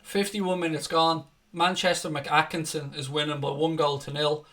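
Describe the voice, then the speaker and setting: A man's voice: fairly high pitch, little pitch movement, moderate pace, a bit bright. A young man giving live fan commentary on a football match, calling the play and breaking into angry, sweary rants. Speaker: fan watchalong host.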